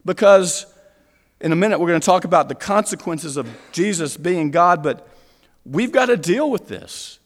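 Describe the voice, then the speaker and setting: A man's voice: sits high, expressive, moderate pace. A man preaching a sermon as pastor, earnest, asking rhetorical questions and repeating lines for emphasis. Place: church. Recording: long church reverb.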